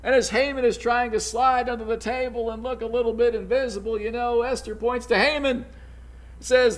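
A man's voice: very high voice, steady tone, normal speed. A man teaching from the Bible, retelling the story in a conversational way with informal asides and chuckles.

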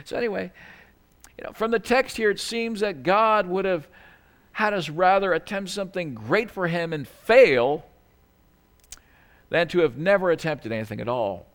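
A man's voice: sits high, normal speed. A man preaching a sermon as pastor, talking in a conversational way with asides and self-corrections, sometimes acting out quoted lines in a small pleading voice.

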